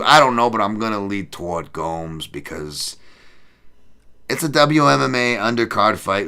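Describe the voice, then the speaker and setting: A deep-voiced man, pushed and bright, hosts a podcast with casual betting picks. He reads odds and chat comments aloud amid profane, joking, rambling banter.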